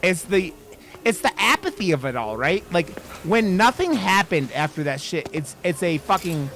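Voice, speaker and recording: Angry high-voiced man ranting mid-stream. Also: big pitch swings, normal speed, a bit bright, a little hiss or hum. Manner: heavy swearing, restarts mid-sentence, addresses chat viewers. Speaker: streamer playing a video game. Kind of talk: heated live-stream rant.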